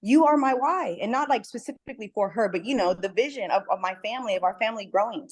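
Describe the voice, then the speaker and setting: Her mid-range voice is slightly rough and quick-paced. As a book club member preparing to host an event, she shares casually over a video group call, speaking earnestly and emphatically and repeating words to stress them.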